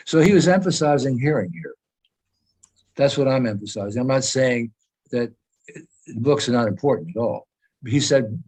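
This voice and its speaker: A man's voice: mid-range voice, animated, normal speed, pauses often, a little mellow, breathy edge, low-quality recording. An older man talking over a video call as a guest speaker, earnest and emphatic, wandering through thoughts with frequent restarts. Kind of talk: conversational video-call talk.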